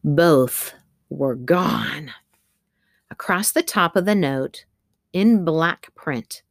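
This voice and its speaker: Reading a novel aloud as an audiobook narrator, a woman delivers scripted narration in a steady, measured way with a quite low voice. It's recorded close and completely dry, with no echo or room sound.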